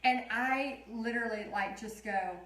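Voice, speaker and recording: A woman's voice: on the high side, a little slow, a bit bright. A woman in her thirties, an art teacher chatting and telling stories while she leads a casual live painting tutorial. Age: 30s. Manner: chatty, rambling storyteller. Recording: roomy echo.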